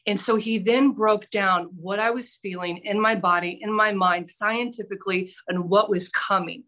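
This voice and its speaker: A middle-aged woman, a former TV news reporter, telling a personal story on a podcast with animated, dramatic delivery. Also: mid-range voice. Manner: animated, breathless anecdote-telling with dramatic pauses. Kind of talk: casual storytelling.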